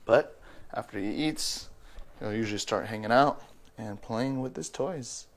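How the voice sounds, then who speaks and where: A man casually narrating his daily routine with his pet bird at home, and now and then talking to the bird in a high, sing-song voice. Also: unhurried. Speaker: bird owner vlogger. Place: at home in an apartment.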